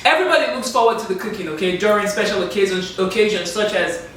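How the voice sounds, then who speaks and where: A woman's voice: mid-range voice, fast talker, fairly bright tone, slight background noise. A woman, host of a casual food chat, patiently explaining dishes step by step. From Nigeria. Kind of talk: casual chat over a home-cooked meal. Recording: echoey room, distant mic.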